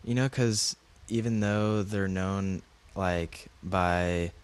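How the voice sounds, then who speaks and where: Deep voiced dude chatting on a podcast, hesitant, lots of ums. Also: male voice, steady tone, clean tone. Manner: halting, hesitant, many fillers. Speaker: podcast co-host. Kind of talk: casual chat.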